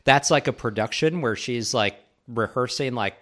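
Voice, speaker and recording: Animated man in casual political chat. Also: medium pitch. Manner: animated, emphatic, quick bursts of speech. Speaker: political commentary co-host.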